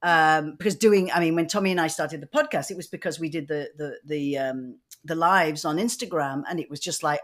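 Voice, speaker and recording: A woman from Manchester with a Mancunian accent, co-hosting a podcast and telling lively, rambling anecdotes in casual chat. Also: deep voice, a little fast, hardly any pauses. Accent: Mancunian English. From Manchester, England. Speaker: podcast co-host.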